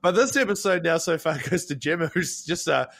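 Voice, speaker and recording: A man's voice: on the high side, expressive, brisk, creaky, a bit bright. A man hosting a podcast, chatting casually and telling rambling, swear-filled stories. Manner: rambling storyteller, swears freely. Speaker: podcast host.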